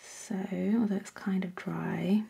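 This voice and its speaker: A woman hosting a painting tutorial, chatting casually as she works and often dropping into soft whispers. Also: fairly low pitch, steady tone, unhurried, vocal fry, slightly rough. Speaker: art workshop host.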